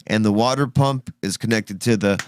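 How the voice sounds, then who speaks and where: A man's voice: lowish voice, moderate pace, smooth, dry recording. A young man co-hosting a podcast, rambling through a casual story full of fillers and putting on goofy voices for the people he quotes. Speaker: podcast co-host.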